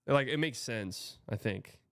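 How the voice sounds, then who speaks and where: A man's voice: mid-range voice, unhurried, fairly bright tone, no echo, clean studio sound. A young man from Texas hosting a show, reading viewer comments in a loose, rambling, chatty way. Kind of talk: casual livestream chat.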